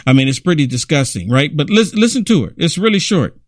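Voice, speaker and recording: A man with a notably high voice delivers casual reaction commentary on political videos. He rants and keeps restarting with "I mean." The sound is close and dry. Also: very animated, fast, dry recording. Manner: ranting, repeats "I mean".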